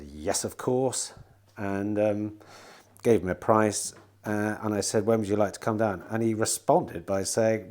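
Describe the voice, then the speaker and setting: A middle-aged man, a used car dealer, chatting casually and rambling to camera, swearing now and then. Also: on the low side. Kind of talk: casual vlog chat to camera. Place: outdoors in bright sun at a car lot.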